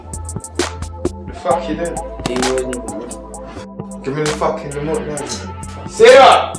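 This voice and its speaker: A Scottish man playing an aggressive young drug dealer who shouts threats and swears. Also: a little high, lively intonation, takes it slowly. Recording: film soundtrack with loud music, roomy.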